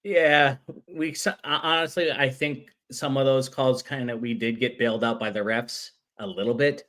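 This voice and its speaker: A man hosting a casual football podcast, lively and playful, chatting with his co-hosts. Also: medium pitch, moderate pace. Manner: lively, hamming up mock British titles. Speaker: podcast host. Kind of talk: casual sports podcast chat.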